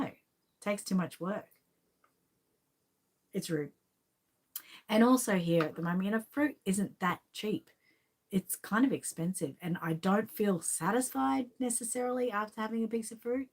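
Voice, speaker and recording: A woman with an Australian accent hosting a casual live stream, chatting in a rambling way and reading out viewer comments. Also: medium pitch.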